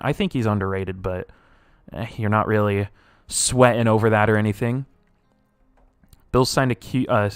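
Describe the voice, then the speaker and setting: A young man streaming live, reading chat aloud and reacting, swinging from low mumbles to loud outbursts, his voice wearing out. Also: no echo, clean studio sound.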